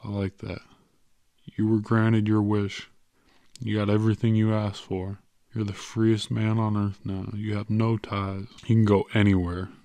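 A mysterious stranger speaks slowly and calmly, with a low, knowing certainty, as a male audiobook reader puts him on. His delivery is measured and close, with little swing in pitch. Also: dry recording. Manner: slow, measured. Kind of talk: audiobook character voice.

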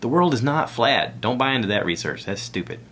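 A man's voice: medium pitch, very animated, a little fast, a bit bright, slight background noise. A middle-aged man with a Southern American accent, hosting a solo podcast in a rambling, conversational way with self-deprecating asides. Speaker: podcast host. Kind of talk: casual solo podcast talk.

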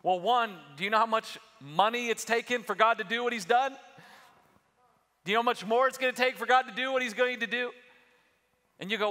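A man's voice: extremely high pitch, normal speed, pauses often, bright, forceful tone. A man preaching a sermon as pastor, talking in a conversational way that builds to emphatic points. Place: large church auditorium. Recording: long hall reverb.

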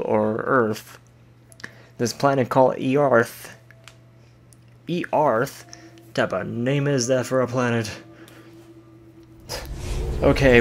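A man's voice: medium pitch, slight background noise. A man giving casual let's-play commentary, joking and rambling and swearing freely as he plays. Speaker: gameplay commentator.

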